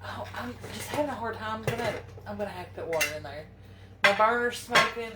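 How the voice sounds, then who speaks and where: A woman's voice: a little high, quick pace, distant mic, very noisy. Folksy woman cooking at home. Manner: folksy, talks to viewers while fumbling and fretting. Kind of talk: chatty cooking demonstration. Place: home kitchen. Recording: echoey kitchen from off-mic with clattering pans.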